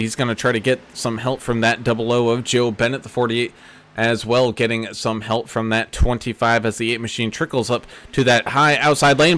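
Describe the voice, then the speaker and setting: A man giving play-by-play commentary on a sim race broadcast, calling the action quickly and with energy, car number after car number. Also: mid-range voice, a bit bright. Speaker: play-by-play announcer.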